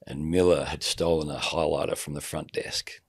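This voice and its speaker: A man's voice: rumbling low, fairly even intonation, normal speed, slightly rough. A middle-aged man telling a personal story in casual conversation, acting out the dialogue as he goes. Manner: vivid storyteller who acts out quoted dialogue. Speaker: podcast guest, sports commentator.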